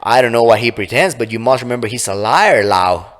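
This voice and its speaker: A man's voice: mid-range voice, lively intonation, a little fast, lightly acted. Sneery cruel fairy lady, read by a guy, condescending, reverby sound. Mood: sneering. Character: cruel smug female fairy, mocking and cold. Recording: long reverb.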